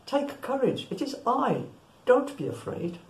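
A woman reading as a calm reassuring teacher. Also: high voice, measured pace, roomy sound, pitched above the performer's own voice, full character voice. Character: calm male teacher reassuring his followers.

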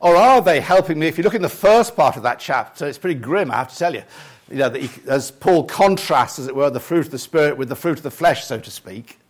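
Older male preacher, somewhat high-pitched, reflective sermon delivery with frequent restarts. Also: animated. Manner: reflective, halting with many restarts; leads the congregation through lists in a soft slow voice.

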